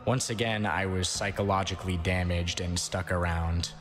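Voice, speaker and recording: A man narrating a first-person account in a steady, somber scripted read. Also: low voice, normal speed, faint music behind. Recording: long reverb, faint background noise.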